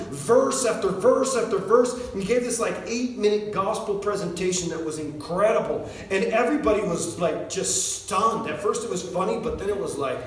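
An American man preaching a sermon, telling a story with lively energy and shouting out the quoted lines. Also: sits high, brisk, hardly any pauses, very echoey, recorded from a distance, slight background noise, rough recording. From United States. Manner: animated storyteller, shouts when acting out quotes.

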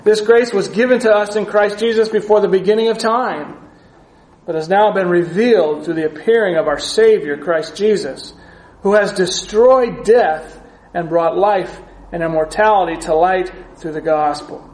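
A male preacher with a high voice gives an earnest, measured sermon. He teaches steadily and reads passages aloud. The room around him is echoey.

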